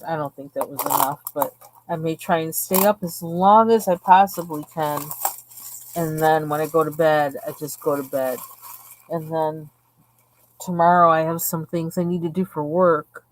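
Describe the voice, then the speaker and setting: A woman's voice: low voice, slight background noise. A woman hosting a live stream, chatting casually and rambling from one tangent to the next while she colors. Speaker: livestream host.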